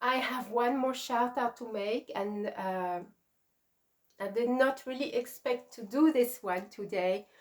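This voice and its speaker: A middle-aged woman hosting a crochet channel, chatting casually and gushing with emotion as she gives shout outs. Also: fairly high pitch, measured pace. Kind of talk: casual vlog chat.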